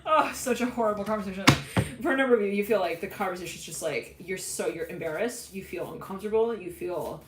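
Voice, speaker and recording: A woman's voice: mid-range voice, quick pace, echoey room, noisy background. A woman giving a live tarot reading, rambling and giggly as she relays what she is hearing. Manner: rambling, giggly, channeling messages. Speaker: tarot reader.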